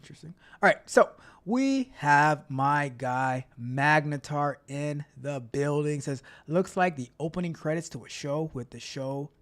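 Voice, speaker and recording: A man's voice: a little high, animated, measured pace, a bit bright. A man hosting a casual tech livestream, chatty and upbeat, often repeating himself as he reads the chat. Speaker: livestream host and tech coach.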